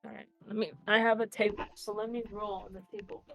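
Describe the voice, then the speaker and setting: A woman's voice: medium pitch, little pitch movement, fast, a bit bright, soft background music. A woman player in a tabletop game, hesitant and self-mocking about her rolls. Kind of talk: tabletop role-play.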